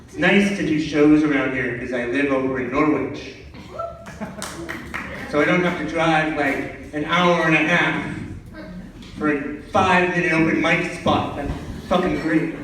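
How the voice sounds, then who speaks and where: A man's voice: steady tone, unhurried, pauses often, fairly bright tone, a little hiss or hum. A man from Vermont doing a stand-up comedy set, sarcastic and ranting, filmed from across a small club. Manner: sarcastic, ranting, jumps up high for mocking voices. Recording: echoey club filmed from a distance.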